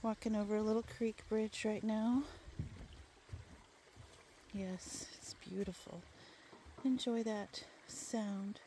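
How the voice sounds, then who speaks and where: A woman's voice: medium pitch, fairly even intonation, slow pace, long pauses, mellow, a little hiss or hum. A woman narrating a casual hiking vlog in a gushing, enthusiastic way, recorded on a handheld phone on an outdoor forest trail. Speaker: vlogger.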